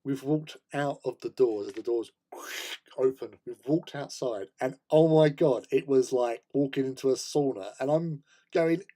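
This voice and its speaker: A man's voice: mid-range voice, unhurried, mellow. An English man hosting a casual hobby stream, rambling through a travel story with many fillers and laughs. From England. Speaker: host.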